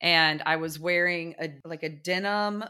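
Animated woman telling a story. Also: on the low side, measured pace, smooth. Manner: animated, acts out people and sounds in her story. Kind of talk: casual storytelling chat.

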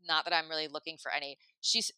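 A woman in her thirties telling a long story in casual chat, full of "like" and animated asides. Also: sits low, fast, clear, resonant tone, no echo. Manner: chatty, lots of "like", animated asides. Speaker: podcast host telling a story.

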